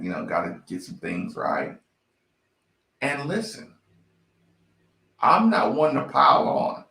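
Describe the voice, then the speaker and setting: A man's voice: lowish voice, gravelly, pushed and bright. A man giving blunt, profane fan commentary on a basketball team, ranting in slang. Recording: echoey room.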